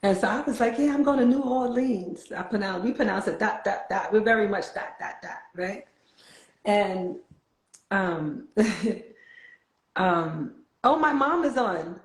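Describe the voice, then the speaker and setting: A woman with a New York accent hosting a casual spiritual chat, talkative and quick to laugh. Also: medium pitch, reverberant, rough recording. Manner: chatty, laughs easily, reflective.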